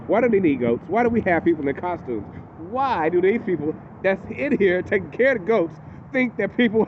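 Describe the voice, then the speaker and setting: Male recapper, animated and chatty, slightly high voice, phone-like audio with faint hiss. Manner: animated, acts out characters in quotes. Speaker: TV recap host. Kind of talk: casual episode recap.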